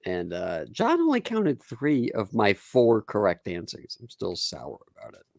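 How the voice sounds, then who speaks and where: A man's voice: lowish voice, wildly swooping pitch, a little slow, gravelly, darkish tone, no echo, clean studio sound. A man hosting a casual podcast chat, boisterous, laughing often and swearing freely. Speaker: podcast host.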